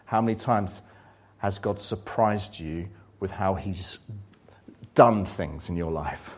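A man preaching a sermon, reading scripture and retelling it dramatically, swinging from loud excitement to hushed, low passages. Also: slow pace.

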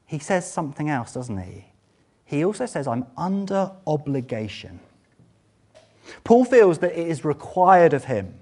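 An earnest man preaching a sermon, his voice sitting a little high. He explains carefully, often ends a point with a rhetorical question, and pushes his pitch up to stress key words. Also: darkish tone. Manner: rises and falls in pitch for emphasis.

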